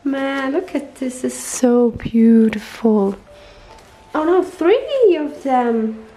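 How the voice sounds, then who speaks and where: Slow-talking woman, gushing and teary. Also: high-pitched, expressive, mellow, faint music behind, low-quality recording. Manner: gushing, searching for English words. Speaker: papercraft vlogger. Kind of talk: casual unboxing chat. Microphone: tablet microphone.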